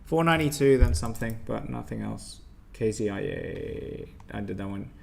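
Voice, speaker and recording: A man's voice: lowish voice, expressive, moderate pace, gravelly. A young man hosting a live stock trading stream, blunt and emphatic, quizzing and scolding his viewers as he reads the chat. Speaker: stock trading livestream host.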